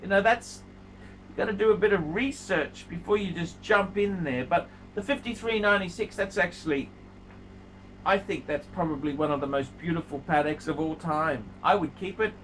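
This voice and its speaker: A man's voice: high-pitched, normal speed, fairly bright tone, slight background noise, low-quality recording. Blunt, scolding male watch reviewer. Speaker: watch reviewer and channel host. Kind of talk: casual video review monologue.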